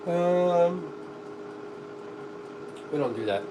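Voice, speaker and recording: A man's voice: sits high, lively intonation, very slow. A middle-aged man chatting casually to the camera while he cooks, reading out comments with a dry, joking manner. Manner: dry, joking, talks to the camera while working, coughs often. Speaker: streamer cooking on camera. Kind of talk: casual live-stream chat reading comments. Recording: clear background noise behind the voice.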